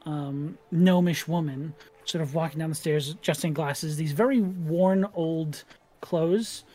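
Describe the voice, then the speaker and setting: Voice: medium pitch, slow, dark tone. A game master narrating a tabletop game in a casual, descriptive way with frequent fillers.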